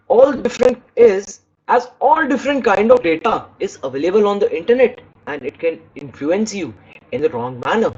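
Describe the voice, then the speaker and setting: A man's voice: high voice, breathy edge, muffled recording. A man giving an online speaking lesson, demonstrating tones by reading lines aloud and stopping to correct himself. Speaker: English speaking teacher.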